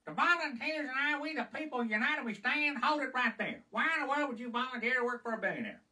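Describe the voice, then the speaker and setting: A man impersonating an older male billionaire politician, with a high, twangy, quick and folksy way of talking. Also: lively intonation, sharp tone, distant mic, full character voice. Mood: indignant.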